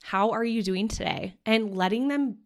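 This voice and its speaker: A young adult woman hosting a podcast interview, talking in an empathetic, conversational way and often murmuring soft agreement while her guest speaks. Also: fairly high pitch, moderate pace. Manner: empathetic, frequent soft backchannel affirmations. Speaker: podcast host.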